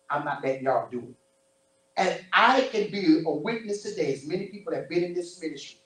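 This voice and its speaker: A male preacher giving an animated sermon, full of storytelling and repeated phrases. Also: fairly high pitch. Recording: roomy distant church recording.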